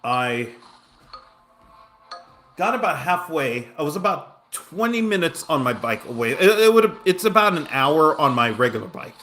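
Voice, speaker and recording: A man with a somewhat high voice tells a meandering story as he plays. He trips over his own sentences, restarts them, and keeps cracking self-deprecating jokes. Faint game music plays quietly in the background. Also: very animated, normal speed. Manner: rambling, full of restarts and asides; self-mocking humor. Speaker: gaming streamer. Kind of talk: casual storytelling while playing.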